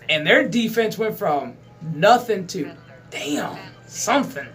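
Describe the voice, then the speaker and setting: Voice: medium pitch, expressive, slow pace, a bit bright, soft background music. A channel host in a casual, rambling sports chat to camera, swearing freely and chuckling often.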